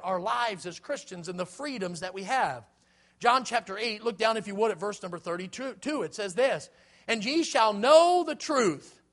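A man preaching an evening sermon, earnest and repetitive, slowing right down when he quotes scripture. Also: high-pitched, a bit bright.

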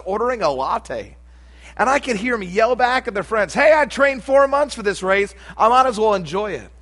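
A man's voice: on the high side, fairly bright tone. A middle-aged man preaching a sermon, telling a humorous personal story with folksy asides before turning to scripture. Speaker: pastor.

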